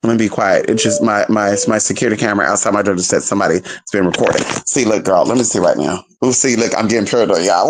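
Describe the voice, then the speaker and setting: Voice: sits low, fast, hardly any pauses. A vlogger telling a story straight to viewers in casual, profane chat, calling them "y'all" and "girl", with nervous, jumpy asides.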